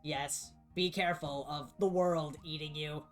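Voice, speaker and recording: A man's voice: fairly high pitch, steady tone, measured pace, soft background music, natural voice. A man voicing a formal male robot scavenger who speaks stiffly, without contractions.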